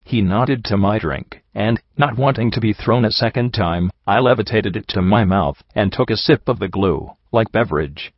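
A man reading a first-person story aloud in a steady, descriptive manner. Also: lowish voice, normal speed, few pauses, no echo, lo-fi sound. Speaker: audiobook narrator.

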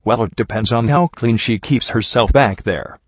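A man's voice: medium pitch, normal speed, no echo, highs cut off, close to an everyday voice. A man voicing a sardonic young male pony soldier with a cold, who makes crude jokes and grumbles. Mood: teasing. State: stuffy nose from a cold.

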